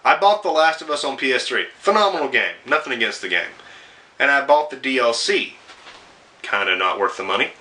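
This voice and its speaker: A man's voice: medium pitch, lively intonation, fairly quick, bright, forceful tone. A young man delivering a profane, sarcastic rant as a video game reviewer, with frequent swearing and exasperated asides. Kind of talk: ranting commentary video.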